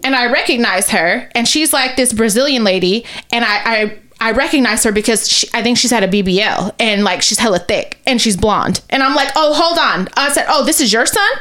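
A woman's voice: on the high side, fairly quick, hardly any pauses. A woman co-hosting a podcast, telling a long story in casual, profane chat and acting out the people in it. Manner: animated, profane, acts out quoted people. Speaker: podcast co-host. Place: podcast studio.

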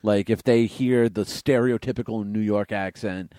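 A man's voice: on the low side, steady tone, moderate pace, warm tone, no echo. A man from Massachusetts co-hosting a casual movie podcast, thoughtful and dry-humored. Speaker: podcast co-host.

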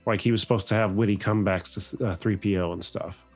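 A man hosting a casual podcast chat, animated and jokey, swearing freely. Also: fairly low pitch, fast, slightly rough, faint music behind. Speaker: podcast host.

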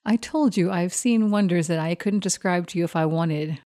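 A resolute young adventurer, played by a woman at the gaming table, speaks earnestly and carefully. Her voice stays lowered and sincere, close to the player's own. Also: moderate pace, warm tone, natural voice.

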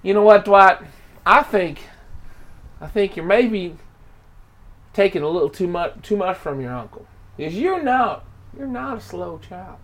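A man playing a fawning, flattering middle-aged man in an improvised role-play, using a put-on, unplaceable accent. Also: sits high, unhurried, long pauses, full character voice. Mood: encouraging. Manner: flattering, gushing.

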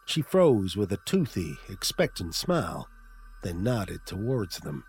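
A man's voice: sits low, big pitch swings, measured pace, darkish tone, slightly rough, soft background music. A man narrating a comic audiobook in a wry storytelling manner.

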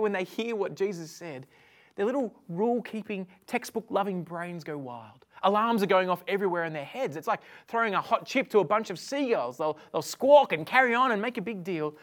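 Animated woman preaching. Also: lowish voice. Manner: conversational and animated, swings from hushed to loud. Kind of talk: sermon to an online audience.

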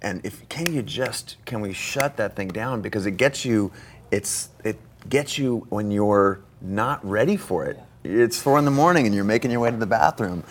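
A man hosting a live on-stage conversation, chatty and enthusiastic, with quick asides. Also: fairly low pitch, lively intonation, a little hiss or hum. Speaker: host, interviewer. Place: stage before a live audience.

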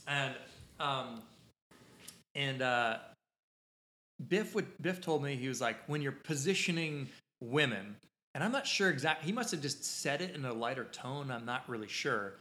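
A man's voice: mid-range voice, lively intonation, measured pace, bright, forceful tone. A man hosting a podcast, telling a casual story in a rambling, self-interrupting way. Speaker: podcast host. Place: podcast studio. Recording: echoey room.

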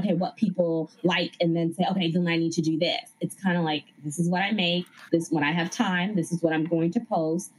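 A middle-aged woman from the Bronx, a guest telling rambling, animated stories in a casual interview. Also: on the low side, poor audio. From the Bronx, New York. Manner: animated, rambling storyteller with frequent laughs.

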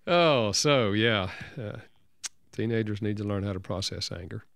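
An older man, a counselor and author, telling a personal story as an interview guest in an earnest, gentle way. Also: on the low side, normal speed, creaky, dry recording.

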